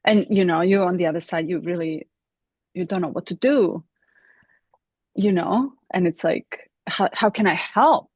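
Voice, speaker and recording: A woman co-hosting a casual reflective chat over a video call, speaking in a gentle, contemplative way with slow, searching phrasing. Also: lowish voice, slightly rough, no echo, lo-fi sound. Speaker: co-host.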